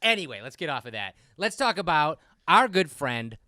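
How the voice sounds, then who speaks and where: A man hosts a casual podcast, talking in an animated, rambling way and breaking into laughs. His voice is a bit high and swings widely in pitch. It sounds smooth and clear in a dry room. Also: normal speed, no echo. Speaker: podcast host. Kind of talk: casual chat.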